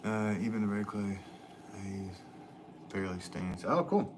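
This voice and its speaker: A man's voice: fairly low pitch, fairly even intonation, moderate pace, noisy background. A man live-streaming from his pottery studio, chatting casually with viewers and answering their comments while he works clay.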